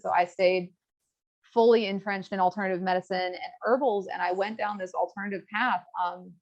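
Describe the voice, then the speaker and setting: A woman's voice: medium pitch, a little fast. A young woman tells her own story as an interview guest, frank and earnest, often acting out what others said to her. Her voice sits in a middle register. The audio is a bit dull and lo-fi. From rural Virginia. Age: young adult. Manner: earnest, frank, quotes others in lively asides.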